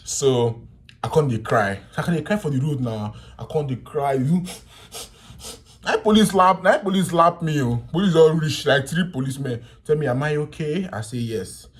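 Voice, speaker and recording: A young man from Nigeria with a Nigerian accent, telling a travel story to camera in a loose, animated way, laughing and swinging between loud and quiet. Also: a little high, normal speed. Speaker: vlogger. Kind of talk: casual storytelling in pidgin.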